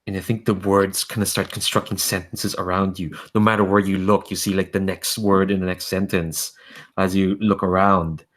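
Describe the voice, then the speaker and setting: A man's voice: low-pitched, normal speed. A man narrating a tabletop role-playing game as game master, casually thinking aloud. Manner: relaxed, thinking aloud with fillers.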